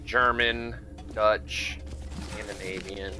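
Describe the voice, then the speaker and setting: A man's voice: on the low side, steady tone, takes it slowly, sharp tone, slight background noise. A man from Michigan chatting casually with viewers while streaming a game, rambling and greeting people by name. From Michigan, United States. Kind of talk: casual live-stream chat while playing.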